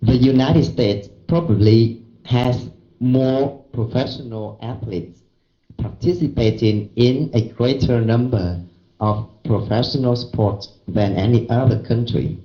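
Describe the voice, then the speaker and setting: A man's voice: mid-range voice, slow, warm tone. A man reading a text aloud as a student in reading practice, carefully and word by word. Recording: roomy, dull lo-fi recording.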